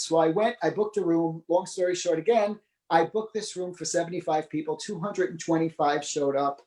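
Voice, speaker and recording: A man's voice: fairly high pitch, a little fast, rough recording. A man telling his life story in an interview, acting out the voices of people he quotes. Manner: animated, acts out quoted dialogue. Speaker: psychic medium guest.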